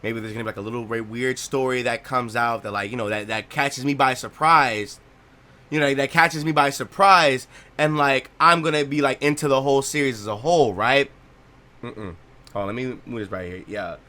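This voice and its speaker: A man's voice: medium pitch, moderate pace, sharp tone. A young man hosting a let's play, giving a blunt, profane, repetitive rant about a game from his home gaming setup. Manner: blunt, profane, repeats himself when ranting. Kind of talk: gameplay reaction rant.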